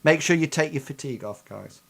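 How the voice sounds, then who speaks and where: A man's voice: on the high side, lively intonation, a little fast, vocal fry, fairly bright tone. A man narrating as game master of a tabletop game over voice chat, hesitant and full of ums. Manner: hesitant, filled with ums and likes.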